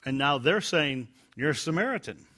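Guy teaching the bible verse by verse, gets loud acting out the quotes then goes quiet and low explaining. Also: normal speed. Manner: animated, acts out quoted lines with rising pitch and volume. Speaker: preacher.

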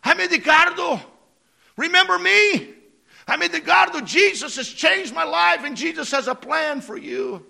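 A male preacher voicing a big burly man who pleads loudly and emotionally with old friends from the street. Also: very high voice, animated, a little slow, vocal fry, voice pushed up, full character voice. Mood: urgent pleading. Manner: shouting, urgent and emotional.

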